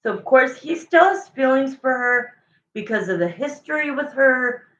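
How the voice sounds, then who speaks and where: A woman's voice: sits high, expressive, moderate pace, fairly bright tone. A woman giving a live tarot reading, thinking aloud as she pulls cards and repeating her questions to the cards. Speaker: tarot reader. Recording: roomy, dull lo-fi sound.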